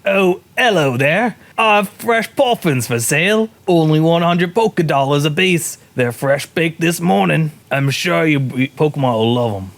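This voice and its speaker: A man's voice: on the high side, expressive, unhurried, hardly any pauses, voice pushed up. A man voicing a cheerful traveling male salesman with a wobbly attempted Scottish accent. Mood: chipper.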